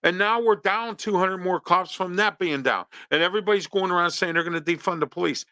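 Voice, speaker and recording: A man's voice: sits high, a little fast, bright, forceful tone, dry recording. A man from hosting a local talk show, ranting his opinions with pointed rhetorical questions. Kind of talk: opinionated monologue.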